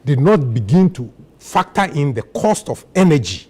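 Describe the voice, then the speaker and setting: Man, Ghanaian accent, engineer panelist, fairly high voice, animated pitch, insistent. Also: normal speed, husky. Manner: insistent, emphatic, talks over others. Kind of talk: political debate.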